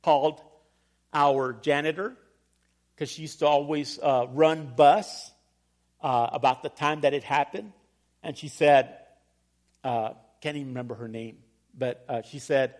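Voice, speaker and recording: A middle-aged man preaching a sermon as pastor, telling a personal story with humor and animated emphasis. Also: a little high, measured pace, pauses often. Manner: storytelling, animated, laughs at himself.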